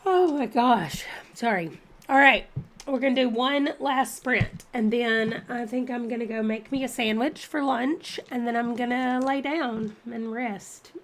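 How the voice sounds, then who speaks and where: A woman's voice: on the high side, measured pace. A woman hosting her reading channel, chatting casually and thinking aloud during a readathon livestream. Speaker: book channel host.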